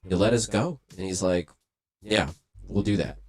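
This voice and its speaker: A young man with a lowish voice tells a story in loose, swearing street talk. He jumps into the voices of the people he quotes and keeps the telling lively. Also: moderate pace, faint music behind. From Los Angeles. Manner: profane, animated, acts out quoted voices. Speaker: livestream host. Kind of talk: casual storytelling.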